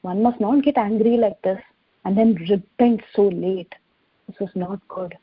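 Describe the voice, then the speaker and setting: A woman voicing Nanda, a calm and gentle father who reasons softly, in a devotional story. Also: medium pitch, unhurried, slightly rough, no echo, phone-quality sound. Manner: soft, reasoning, gently smiling.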